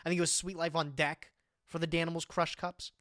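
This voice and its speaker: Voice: medium pitch, a little fast, no echo, studio quality. A streamer in their twenties chatting casually and animatedly on a live stream, with lots of slang, reading text aloud and reacting to it. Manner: animated, slangy, says "bro" often; reads web text aloud with comments.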